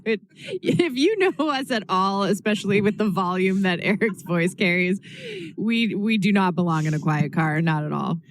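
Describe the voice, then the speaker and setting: A woman's voice: mid-range voice, lively intonation, normal speed. A woman co-hosting a podcast, chatting casually with lots of laughter and teasing. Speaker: podcast co-host. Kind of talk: casual chat.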